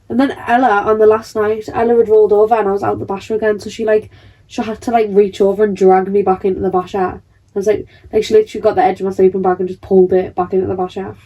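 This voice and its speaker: A woman's voice: mid-range voice, level tone, quick pace, warm tone. A young woman, co-hosting a podcast and retelling funny mishaps in a chatty, dramatic way. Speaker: podcast co-host. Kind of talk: casual chat.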